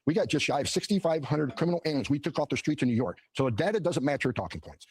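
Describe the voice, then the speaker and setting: A man's voice: a little high, animated, quick pace, few pauses, darkish tone, husky, low-quality recording. A man, an official in a played clip, firing off talking points in a clipped, insistent way. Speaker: official interviewed on TV.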